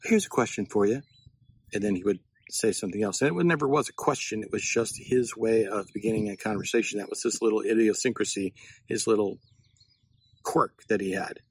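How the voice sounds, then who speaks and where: A man shares writing advice outdoors in a loose, reflective monologue, drifting from thought to thought. His voice is husky and sits fairly low, and the sound is dry and close with little room echo. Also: fairly quick. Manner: reflective, meandering. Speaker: writer giving writing tips. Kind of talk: casual spoken monologue. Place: outdoors, not in a studio.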